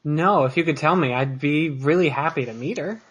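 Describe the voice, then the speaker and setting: A player in a tabletop role-playing game, mid-pitched and plain-spoken. They ask direct questions and sum things up. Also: normal speed, slightly rough.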